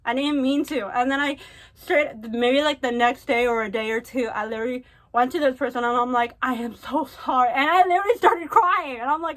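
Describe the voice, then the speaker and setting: A woman's voice: high-pitched, fairly quick, fairly bright tone. A young woman vlogger sharing a personal story and earnest advice in a confiding, repetitive way. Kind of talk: heartfelt storytime advice vlog.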